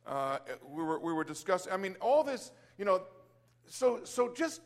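His voice sits high with big pitch swings at a normal speed as this Christian business owner tells a casual testimony about praying for a client. The telling rambles, packed with restarts and fillers, and he exclaims Hallelujah.

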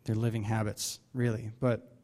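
A man's voice: lowish voice, level tone, moderate pace, dark tone. A man leading a Bible study, preaching casually with many fillers and restarts. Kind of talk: casual sermon.

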